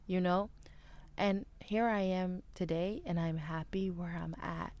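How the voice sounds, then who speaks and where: A woman's voice: fairly low pitch, creaky. A woman in her twenties hosting a solo podcast, talking candidly and emphatically in casual slang. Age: 20s. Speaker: podcast host. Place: indoors, planes heard overhead.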